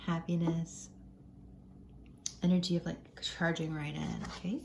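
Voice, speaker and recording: American woman, tarot reader, low warm voice, chatty and easygoing with frequent laughs. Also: little pitch movement, unhurried, creaky, slight background noise. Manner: chatty and gentle, laughs often. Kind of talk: casual tarot reading to viewers.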